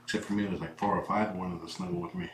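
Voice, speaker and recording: A man chatting casually and rambling in a relaxed, joking way about foster kittens. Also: low-pitched, very fast, a little hiss or hum. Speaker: kitten foster parent filming a cam video. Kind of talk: casual chat. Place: indoor room with foster kittens. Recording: roomy room, far from the mic.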